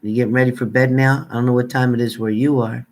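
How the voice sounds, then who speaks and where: A man's voice: mid-range voice, flat delivery, quick pace, darkish tone. Older male livestream host, chatty and familiar, reads viewer names off and thanks each one. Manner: chatty, thanks viewers by name, calls them hon. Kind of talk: casual livestream chat with viewers.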